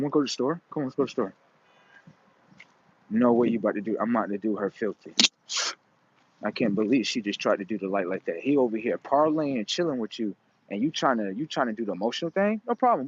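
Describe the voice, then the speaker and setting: A man's voice: mid-range voice, breathy edge. A man in a profane, rambling, emphatic casual monologue. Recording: dull lo-fi recording.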